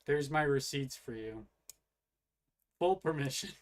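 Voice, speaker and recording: A man's voice: medium pitch, unhurried. A man giving casual live-stream commentary as he reacts to live videos, mocking and swearing a lot and arguing back. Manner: profane, mocking and argumentative.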